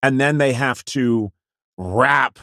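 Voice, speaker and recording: A man's voice: mid-range voice, slow, fairly bright tone, dry recording. Middle-aged male podcast host, loose comic rambler, dry close-miked studio voice. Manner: rambling, self-mocking, jokey asides. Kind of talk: casual comedic chat. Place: Los Angeles podcast studio.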